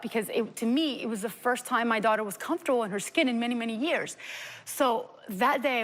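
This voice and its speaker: Mom telling her story on a talk show, kinda high voice, long studio reverb, earnest. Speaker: parent guest.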